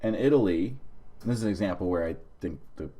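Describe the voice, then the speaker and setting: A man's voice: low voice, animated, fairly quick, mellow, husky. A man co-hosting a comedy podcast, reading out a list of odd facts in a dry, casual way. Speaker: podcast co-host.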